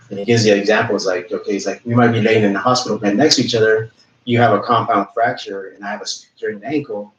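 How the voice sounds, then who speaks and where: A man from Southern California, a realtor guest on a podcast, chatting casually in a rambling way with lots of "like" and trailing off quietly. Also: fairly low pitch, far from the mic, a little hiss or hum. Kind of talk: casual interview conversation. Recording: echoey room, off-mic, dull lo-fi sound.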